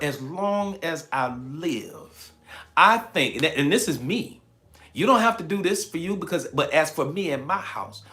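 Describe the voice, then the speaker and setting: High-pitched, emphatic man on a livestream. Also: sharp tone. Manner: preachy, emphatic, reads chat comments aloud, laughs often. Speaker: livestream host. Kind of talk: motivational live-stream talk.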